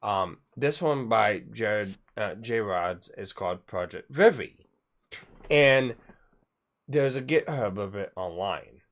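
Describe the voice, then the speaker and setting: A man's voice: on the low side, animated, slow pace, fairly bright tone. A man streaming live, chatting casually and rambling with frequent stammered restarts and the odd swear. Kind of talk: casual livestream chat.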